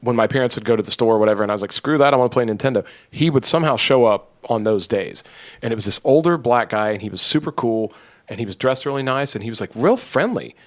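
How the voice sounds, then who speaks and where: A man's voice: medium pitch, lively intonation, fast. A man hosting a casual podcast, telling stories in a rambling way with lots of fillers and swearing. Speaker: podcast host. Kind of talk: casual chat.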